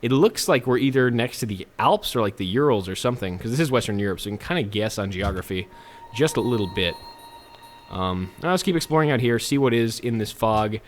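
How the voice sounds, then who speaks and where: A man hosts a let's play with casual gameplay commentary. He talks in a chatty way and drops jokes and self-mocking asides. His voice sits at an ordinary middle pitch. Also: expressive, fairly quick, slight background noise.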